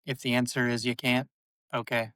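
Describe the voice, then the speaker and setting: A man, a clinical psychologist, answering interview questions in a calm, measured, instructive way. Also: mid-range voice, clean tone, no room sound, low-quality recording.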